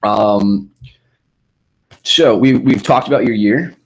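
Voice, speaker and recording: A man's voice: lowish voice, takes it slowly, husky, poor audio. A man co-hosting a casual podcast, joking and swearing freely. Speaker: podcast co-host. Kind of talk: casual banter.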